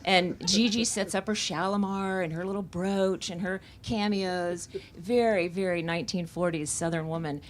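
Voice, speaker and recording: A woman's voice: lowish voice, steady tone, normal speed, hardly any pauses. A woman from Central Florida, an author at a bookstore event, telling candid, reflective stories about her memoir. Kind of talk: conversational book talk.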